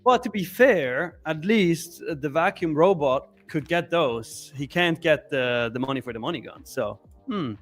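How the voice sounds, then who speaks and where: A man's voice: fairly high pitch, lively intonation, measured pace, few pauses. A man co-hosting a live trading stream in casual chat, joking, laughing often and reading chat messages aloud. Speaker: co-host of live trading show.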